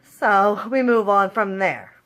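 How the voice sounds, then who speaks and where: A woman's voice: medium pitch, slow pace, a bit bright. A young woman giving a casual spoken review of a TV episode, talking through her reactions and acting them out with a rising voice. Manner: emotive, acts out her own reactions with rising voice.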